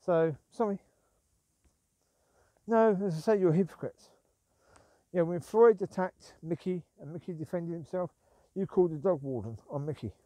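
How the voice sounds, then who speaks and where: A man's voice: a little high, normal speed, mellow, no echo, lo-fi sound. A man rambling as he walks his dogs outdoors at night, grumbling and repeating himself. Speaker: vlogger walking his dogs. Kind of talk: rambling walk-and-talk.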